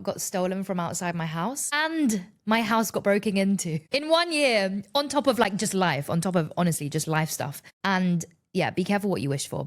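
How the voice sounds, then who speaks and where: Woman, 30s, solo podcast host; candid, expressive, profane, conversational delivery. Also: lowish voice. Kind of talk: casual solo podcast monologue.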